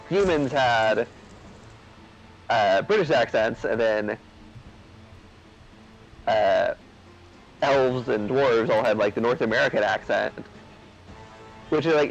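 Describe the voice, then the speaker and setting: A man's voice: mid-range voice, dull audio. A man chatting casually over gameplay, rambling with lots of fillers and restarts. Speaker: co-host of a gaming video.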